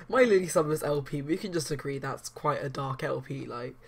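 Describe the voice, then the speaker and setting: A woman's voice: low-pitched, moderate pace, creaky, husky. A young woman chatting casually as a let's play host, rambling with lots of fillers. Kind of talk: casual game commentary.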